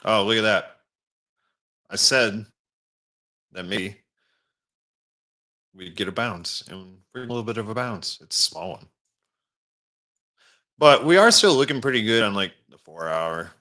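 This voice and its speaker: A man with a bright, forceful voice hosts a casual livestream. He rambles loosely as he works through an app on screen. He stops now and then to greet viewers in the chat. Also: lowish voice, expressive, a little slow, long pauses. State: has the hiccups. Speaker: crypto livestream host.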